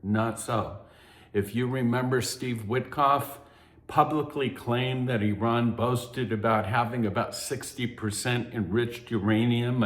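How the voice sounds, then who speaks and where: A man hosting a news commentary, measured and emphatic, dropping low and soft on key phrases. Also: echoey room. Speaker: host of a news commentary update. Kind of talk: news commentary with scripture references.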